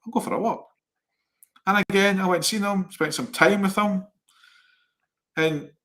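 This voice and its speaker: Man telling lively anecdotes. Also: on the high side. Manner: animated storyteller, laughs often, acts out dialogue. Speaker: co-host, psychic medium. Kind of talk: casual anecdotal chat. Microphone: live online video call.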